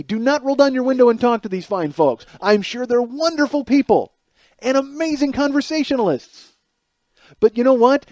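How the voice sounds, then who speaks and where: A man's voice: very high-pitched, darkish tone, no echo. A man hosting a comedy podcast, delivering a sarcastic, exasperated rant full of profanity.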